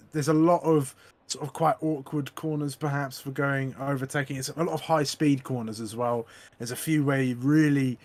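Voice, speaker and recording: A man as co-commentator on a sim race, giving loose analysis with many restarts. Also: mid-range voice. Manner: rambling analyst talk with hesitant restarts.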